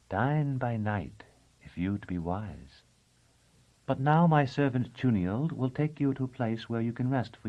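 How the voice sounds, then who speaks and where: A man reading an audiobook, voicing a cooing, gracious noblewoman who speaks softly and in a measured way. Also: lowish voice, narrow, tinny audio.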